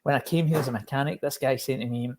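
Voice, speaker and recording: Glaswegian guy on a podcast, jokey, laughs a lot, keeps restarting his sentences, middle pitch. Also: steady tone, fast, darkish tone. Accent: Glaswegian Scottish. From Scotland. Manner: jokey, laughing, stumbles and repeats words. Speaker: podcast guest, safety coach. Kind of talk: casual chat.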